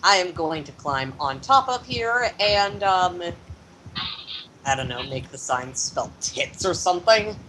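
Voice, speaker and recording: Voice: medium pitch, animated, a little slow, sharp tone, slight background noise, low-quality recording. A player voicing a sarcastic, crude female fox-like creature in a tabletop role-play. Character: sarcastic female Zoroark brawler.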